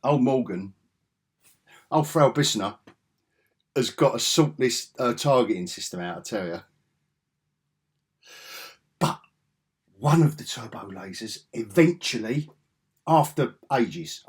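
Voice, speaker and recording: Sarcastic man, lively pitch. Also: a little slow, pauses often, husky. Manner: sarcastic, chuckles often, rambling retellings. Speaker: TV reviewer. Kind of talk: casual spoken review.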